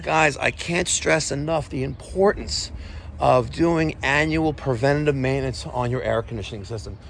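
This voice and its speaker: A man, vlogging outdoors while servicing air conditioners, excitable and quick to exclaim and laugh. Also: medium pitch, a little hiss or hum. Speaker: plumbing and HVAC contractor. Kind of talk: on-the-job vlog. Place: outdoors at a house.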